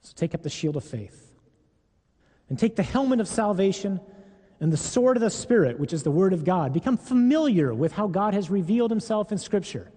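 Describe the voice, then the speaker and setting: A man preaching a Catholic sermon in an earnest, emphatic and deliberate way, reading scripture aloud. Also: high-pitched, very animated, dark tone, long reverb tail.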